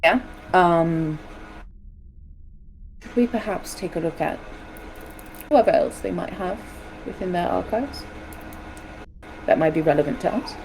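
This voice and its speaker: A woman's voice: lowish voice, expressive, a little slow, creaky, pauses often, darkish tone, slight background noise, rough recording. A woman chatting casually as a player in a tabletop game, laughing often.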